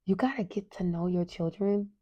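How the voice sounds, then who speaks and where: A middle-aged woman hosting a parenting podcast in a casual, earnest monologue. She often asks "right?", calls her listeners "you guys", and sometimes drops to a soft whisper for emphasis. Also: mid-range voice, normal speed, muffled recording.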